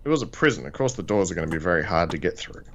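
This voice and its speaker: A man's voice: sits low, lively intonation, racing, vocal fry, a little hiss or hum. A man with an Australian accent co-hosting a podcast, bluntly grumbling about a TV show in casual chat. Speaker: podcast co-host.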